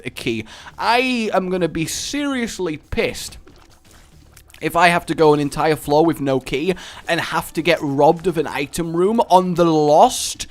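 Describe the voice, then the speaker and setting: Young male let's-player, theatrical and rambling, lively pitch. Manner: theatrical, rambling, mock-dramatic. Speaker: gaming commentator. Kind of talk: gameplay commentary.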